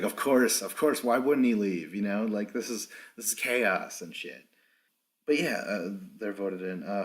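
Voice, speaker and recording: A man hosting a casual solo recap podcast without a proper mic, rambling, swearing often and correcting himself as he goes. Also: lowish voice. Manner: rambling, profane, self-correcting. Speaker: podcast host.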